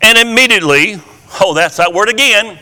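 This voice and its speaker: A man preaching in a slow, deliberate sermon, repeating key words for emphasis. His voice sits high and sounds bright and forceful. A long reverb trails behind him as it carries through the hall. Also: animated. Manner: slow, emphatic Bible teaching with repetitions.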